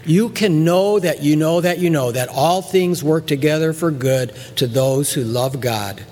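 High-voiced animated male pastor preaching. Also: measured pace, long reverb tail, faint music behind. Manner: animated preacher, acts out voices, repeats words for emphasis. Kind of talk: sermon.

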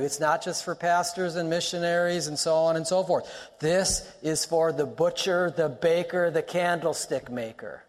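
A male pastor preaching a sermon, emphatic, repeating lines for stress and weaving in personal stories. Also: a little high. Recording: long reverb of a large hall.

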